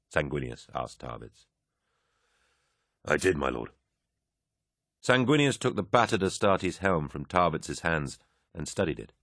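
Very deep-voiced male audiobook narrator. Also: sing-song, a little slow, pauses often, fairly bright tone, no echo, studio quality. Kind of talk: scripted narration.

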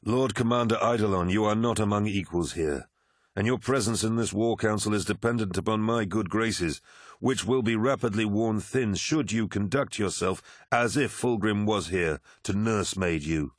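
A man voicing a towering male warlord commander in an audiobook, speaking in a cold, measured, commanding way. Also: fairly low pitch, no room sound, clean studio sound, voice pushed up, lightly acted. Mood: stern rebuke. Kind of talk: audiobook character voice.

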